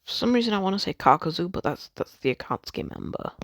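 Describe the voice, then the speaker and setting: A man's voice: sits high, sing-song, fast talker, vocal fry, fairly bright tone, no echo, studio quality. Rambling, sweary man. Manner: rambling, sweary, self-interrupting, jokey. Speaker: storyteller. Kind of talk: casual rambling fan story telling.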